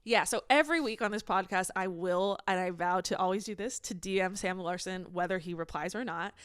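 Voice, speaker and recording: A woman's voice: on the low side, brisk, fairly bright tone, clear, resonant tone, dry recording, clean studio sound. A young woman co-hosting a podcast, chatting casually and playfully, often breaking into laughter. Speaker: podcast co-host. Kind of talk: casual chat.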